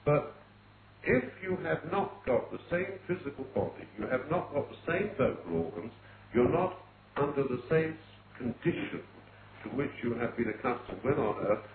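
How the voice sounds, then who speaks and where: Animated man speaking on hissy lo-fi tape. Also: mid-range voice, normal speed. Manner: chatty, acts out little phone conversations. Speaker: medium giving a talk. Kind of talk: informal public talk to an audience. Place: meeting room with an audience. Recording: lo-fi phone-like tape with hiss, roomy hall.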